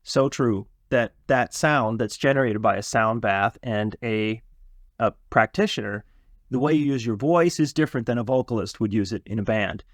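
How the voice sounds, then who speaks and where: A man, an audio expert guest, explaining a course in a measured, matter-of-fact way. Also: medium pitch, no room sound, studio quality.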